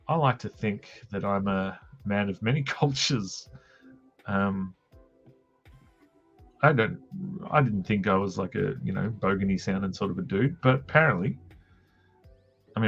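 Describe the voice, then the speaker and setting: A man's voice: fairly low pitch, animated, normal speed, vocal fry, breathy edge, soft background music. Rambling Australian man, lo-fi stream. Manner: rambling, jokey, crude asides. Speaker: comic artist streaming. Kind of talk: casual storytelling while drawing.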